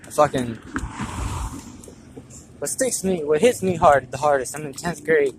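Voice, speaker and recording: A man's voice: on the high side, a little slow, noisy background. A nineteen-year-old man talking in a casual vlog, rambling and frustrated, swearing a lot as he goes. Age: young adult. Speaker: vlogger.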